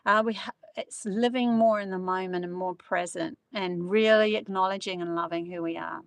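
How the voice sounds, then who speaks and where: A woman's voice: fairly low pitch, steady tone, moderate pace, vocal fry, dry recording. A middle-aged woman, a spiritual channeler giving an earnest, rambling live-streamed talk full of fillers.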